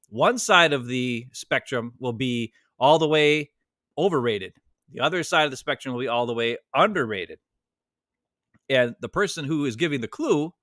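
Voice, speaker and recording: Bright-voiced man explaining on a video call. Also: mid-range voice, no echo, clean studio sound. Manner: explaining at length, with chatty restarts. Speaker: co-host of a sports fan show. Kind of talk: casual chat over a video call.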